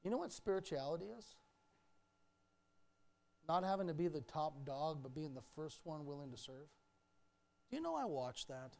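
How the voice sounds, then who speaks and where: A male pastor preaching in a church, his voice sitting a little high for a man. He talks with the congregation in a candid, joking way, speaking straight to them. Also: very animated, moderate pace, vocal fry, pauses often, darkish tone. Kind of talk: sermon. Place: church sanctuary.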